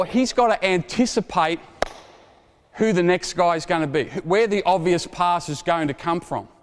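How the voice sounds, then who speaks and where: Energetic man coaching on a court. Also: sits high. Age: 40s. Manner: energetic, joking, calls out drill instructions. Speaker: basketball coach. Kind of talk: coaching clinic demonstration. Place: indoor basketball court. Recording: reverberant gym hall. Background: basketballs bouncing.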